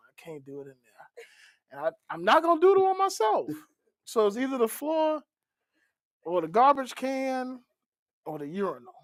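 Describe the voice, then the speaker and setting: A man's voice: extremely high pitch, no echo. A man who is a comedian and pastor, telling crude comic stories on a podcast, laughing through them and acting out other people's lines. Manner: acts out other people's lines in raised voices.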